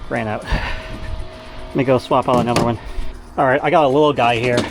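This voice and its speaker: A man talks casually while he cleans a camper van, rambling and correcting himself as he goes. He sounds a little out of breath, and his voice sits at an ordinary middle pitch. Faint music plays underneath. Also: steady tone, moderate pace. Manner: chatty, rambling with fillers and self-corrections. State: slightly out of breath from working. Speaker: vlogger. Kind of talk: casual narration while working.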